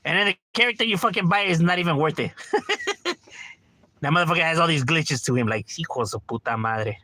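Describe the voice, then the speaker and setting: Animated, swearing middle-aged man ranting. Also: a little high, brisk, slight background noise. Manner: profane, animated, says "bro" constantly. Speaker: game streamer. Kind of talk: casual livestream rant. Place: at home.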